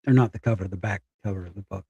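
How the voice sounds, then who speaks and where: A middle-aged man telling a personal story candidly, halting and close to tears. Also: deep voice, creaky, mellow, breathy edge, no echo, highs cut off. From Spokane, Washington. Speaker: guest.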